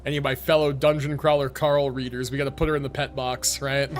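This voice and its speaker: With game music playing behind him, a man with a mid-range voice and level tone live-streams a video game at a quick pace, joking and rambling in casual commentary full of swearing.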